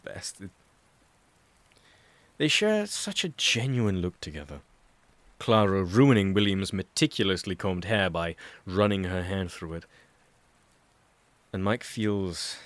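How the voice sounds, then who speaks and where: A man narrating an audiobook, reading a chapter of fan fiction in a steady, even storytelling manner. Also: low voice, no room sound.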